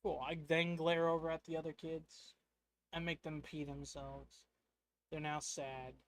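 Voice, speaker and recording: A man's voice: fairly high pitch, completely flat delivery, unhurried, fairly bright tone, slight background noise. A man streaming a game, casually narrating his character's story and talking to his chat. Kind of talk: casual role-play narration.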